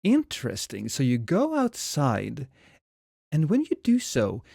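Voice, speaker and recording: A man narrating a tabletop horror game as game master, slow and suspenseful with hesitations. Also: on the high side, a little mellow, no room sound, clean studio sound.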